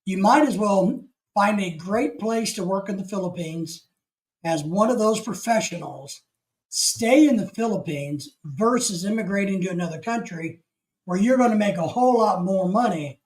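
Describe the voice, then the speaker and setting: A man's voice: sits high, lively intonation, normal speed, rough recording. A man from the United States hosting a casual live stream, rambling through opinions and reading chat comments aloud.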